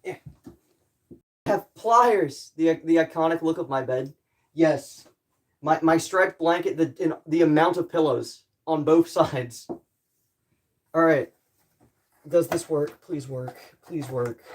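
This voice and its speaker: A woman's voice: deep voice, slow, pauses often, darkish tone. A young woman streamer in her bedroom, chatting casually and muttering to herself while she tinkers with a gadget. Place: bedroom at home.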